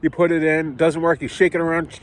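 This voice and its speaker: A man's voice: fairly high pitch, little pitch movement, brisk, a little hiss or hum. Profane, heated man telling a story. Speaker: vlogger. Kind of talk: casual storytelling chat.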